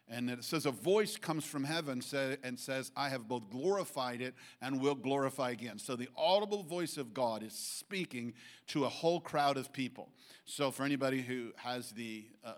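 Man preaching, halting then emphatic. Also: medium pitch, fairly bright tone. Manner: halting, many restarts and fillers, then emphatic swells. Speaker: pastor. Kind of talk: sermon.

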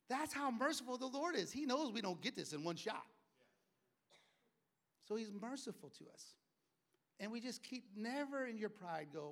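A man's voice: sits high, lively intonation, normal speed. A middle-aged man preaching a sermon in a conversational way and acting out the voices of people he quotes. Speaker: pastor.

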